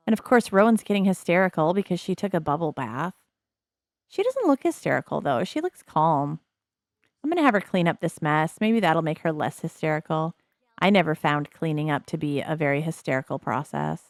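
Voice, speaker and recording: A woman's voice: deep voice, lively intonation, brisk, no echo, studio quality. A middle-aged woman casually commenting on a life-simulation game, chatty and wry, laughing often and slipping into character voices. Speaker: let's play host.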